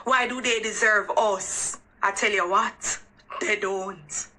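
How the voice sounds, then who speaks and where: A woman's voice: mid-range voice, fairly even intonation, takes it slowly, bright, forceful tone, low-quality recording. Earnest Jamaican woman giving advice. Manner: earnest, emphatic, questioning the listener. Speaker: relationship advice vlogger. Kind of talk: direct-to-camera advice monologue.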